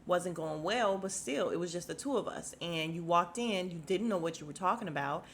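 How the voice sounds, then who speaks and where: A woman's voice: on the low side, expressive, normal speed, slight background noise. A woman hosting a podcast, recapping a reality show in casual chat, sassy and blunt, swearing freely and acting out quotes.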